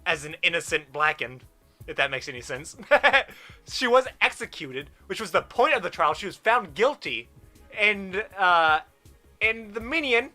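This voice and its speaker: A man with a high, very bright, sharp-edged voice, talking through a game in excited commentary. He reads the game's lines aloud, then breaks off into animated, gushing theories. Soft game music plays underneath. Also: unhurried. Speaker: let's play gamer.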